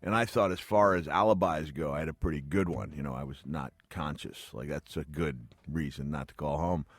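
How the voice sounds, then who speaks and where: A middle-aged man with a very low voice talks as a guest on a studio radio interview. He tells long stories in a chatty, self-deprecating way and laughs often. The sound is close and dry. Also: brisk, no echo. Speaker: guest, retired pro wrestler. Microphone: studio mic.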